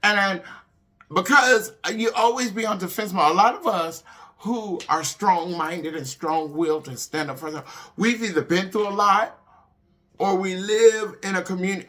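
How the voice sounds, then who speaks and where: A woman, hosting a casual motivational talk for her viewers, animated and emphatic, swinging between loud bursts and hushed asides. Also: lowish voice. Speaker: online show host.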